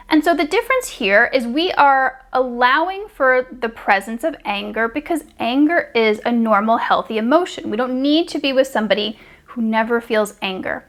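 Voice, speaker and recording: Calm woman giving relationship advice. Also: high-pitched, normal speed. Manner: calm, explanatory, acts out example dialogue. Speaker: relationship coach. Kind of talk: direct-to-camera advice talk.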